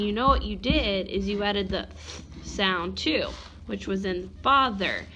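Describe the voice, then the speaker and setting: A woman's voice: mid-range voice, expressive, a little slow, background noise. A woman teacher giving a one-on-one phonics lesson, patiently sounding out letters and words.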